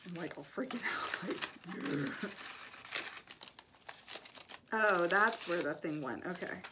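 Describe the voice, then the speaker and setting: A young woman chatting casually as she opens fan mail, gushing and excited, with lots of "like"s and happy exclamations. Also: lowish voice, slow, heavy background noise. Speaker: YouTuber opening fan mail. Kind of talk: casual chat. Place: indoor studio. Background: paper crinkling and clicks.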